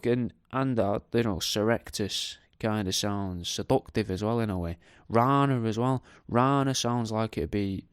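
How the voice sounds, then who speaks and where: A man's voice: medium pitch, clear, resonant tone, no echo, clean studio sound. A man hosting a podcast, talking casually in a rambling, jokey, sweary way. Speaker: podcast host. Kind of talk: casual monologue.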